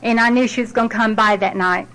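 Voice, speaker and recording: A woman's voice: a little high, steady tone, fast talker, fairly bright tone, poor audio. Plainspoken woman telling her story. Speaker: speaker sharing at a support group meeting. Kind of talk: personal testimony.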